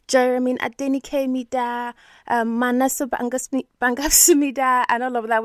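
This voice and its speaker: In a clean, dry studio recording, a medium-pitched, slightly bright woman runs an English-learning podcast. As a teacher, she explains words with patience and keeps checking in with her listener.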